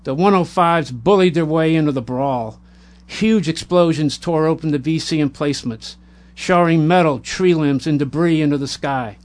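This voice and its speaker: A man's voice: fairly high pitch, darkish tone. Man reading a war story aloud. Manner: measured, plain delivery with occasional stumbles and self-corrections. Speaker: narrator.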